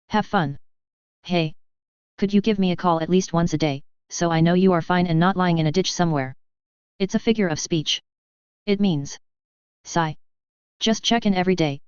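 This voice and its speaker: A woman's voice: fairly low pitch, a little mellow, smooth, no echo, highs cut off, lightly acted. Woman voicing a fussing, protective mentor on the phone. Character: worried caring woman on a phone call.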